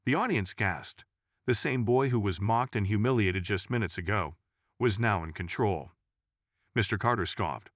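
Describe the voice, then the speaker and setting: Low-voiced male story narrator. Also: normal speed, no room sound, clean studio sound. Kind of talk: scripted dramatic story narration.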